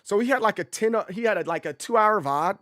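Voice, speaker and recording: Animated rambling man streamer, dry sound. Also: sits high, fast talker, dry recording. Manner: animated, rambling, repeats himself. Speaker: streamer host. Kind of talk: casual livestream chat.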